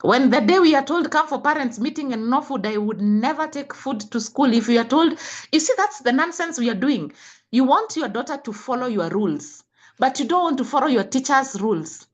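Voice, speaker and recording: A woman's voice: high voice, animated, brisk, lo-fi sound. A middle-aged woman with a Kenyan accent, a health coach who lectures parents with scolding rhetorical questions. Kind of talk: impassioned talk.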